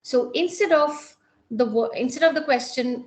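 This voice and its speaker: A woman with an Indian English accent giving a measured academic lecture on psychotherapy as a clinical psychologist, with frequent pauses and restarts. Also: a little high.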